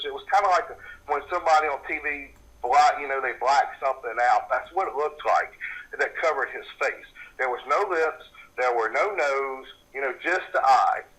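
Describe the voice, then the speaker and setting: A man with a drawl tells a story in an interview, his voice bright and forward. He is middle-aged and animated, and he stumbles over repeated words as he builds the tale. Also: medium pitch, low-quality recording. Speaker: paranormal investigator. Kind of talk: interview, recounting a personal story.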